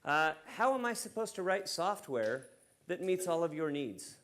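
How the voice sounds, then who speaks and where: An American man speaking at a conference, relaxed and joking, with frequent fillers. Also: on the high side, moderate pace. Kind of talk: conference keynote talk. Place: conference stage before an audience.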